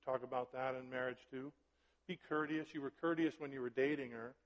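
A man's voice: mid-range voice, fairly even intonation, brisk. A man preaching a sermon as pastor, talking conversationally and checking in with his listeners often. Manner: conversational preaching, frequent "right?" and "are you with me?". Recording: dull recording with long hall reverb.

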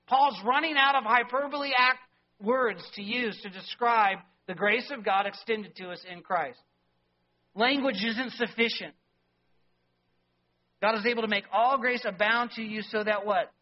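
A middle-aged male pastor delivering a sermon, emphatic, with rhetorical questions and swings between loud and soft. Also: very high-pitched. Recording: dull lo-fi sermon recording.

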